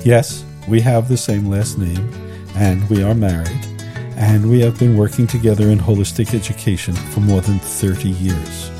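An older man hosting a podcast on holistic education, speaking in a thoughtful, measured way with slight hesitations and telling stories. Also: on the low side, steady tone, music in the background. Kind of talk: reflective podcast conversation and storytelling.

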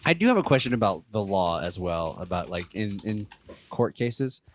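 A man's voice: lowish voice, sing-song, normal speed, slight background noise. A man co-hosting a podcast, chatting casually and joking with rambling fillers. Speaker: podcast co-host. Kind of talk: casual chat.

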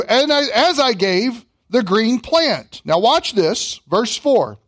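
High-voiced Kentucky preacher. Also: male voice. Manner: reads scripture slowly, then preaches with humor and asides. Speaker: pastor. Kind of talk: sermon.

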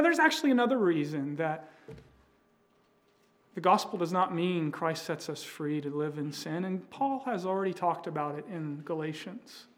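A pastor preaching a sermon, telling a story with frequent fillers and restarts. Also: male voice, high voice.

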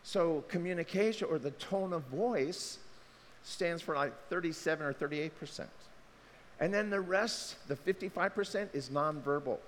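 A man preaching a sermon, swinging between quiet asides and loud, emphatic bursts as he works through a passage. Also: a little high, normal speed, slight background noise. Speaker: pastor. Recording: hall reverb with faint ambience.

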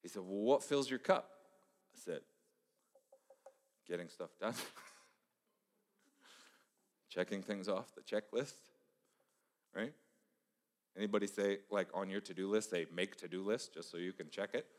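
In an echoey church sanctuary with long hall reverb, a middle-aged male pastor delivers a storytelling sermon. His voice sits on the low side, measured with long pauses, conversational, and he drops to a hush for emphasis.

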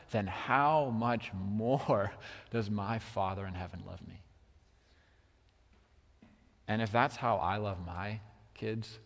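Young man, pastor, casual sermon, filler-heavy talk, hushed to loud, long hall reverb. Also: lowish voice. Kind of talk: sermon with personal story.

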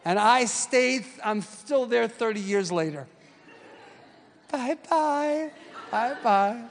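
High-voiced older preacher in a reverberant hall. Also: male voice, unhurried, creaky. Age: 60s. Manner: storytelling, punchy call-and-response. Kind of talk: sermon.

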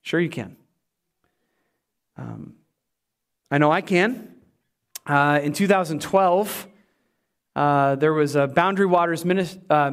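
A middle-aged pastor preaching a sermon in a high voice. He tells stories in a conversational way and pokes fun at himself. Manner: conversational, self-deprecating storytelling.

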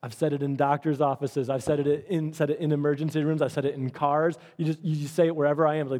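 A pastor in his middle years delivers a sermon in a fairly high voice for a man. He talks to the congregation in an earnest, conversational way and circles back on his phrases for emphasis. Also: little pitch movement, fast, hardly any pauses, a little mellow.

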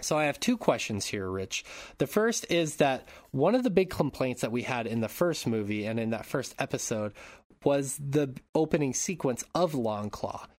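Animated and moderately paced, a man with a mid-range, darkish voice hosts a casual movie podcast with no echo. He reads plot summaries aloud and cracks crude jokes as he recaps the films.

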